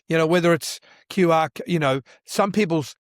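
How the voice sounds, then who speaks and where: A man guesting on a church-leadership podcast, telling stories with lively acted-out dialogue and frequent restarts. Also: fairly high pitch, moderate pace, no room sound, studio quality. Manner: animated storyteller who acts out quoted dialogue; frequent restarts and repeated words. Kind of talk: conversational podcast interview.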